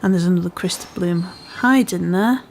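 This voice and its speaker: A woman's voice: fairly low pitch, moderate pace, darkish tone, faint music behind. Chatty woman, Scouse-Welsh accent. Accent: part Scouse, part Welsh. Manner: chatty, self-deprecating, talking to herself while playing. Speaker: gaming channel host. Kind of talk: casual let's-play commentary.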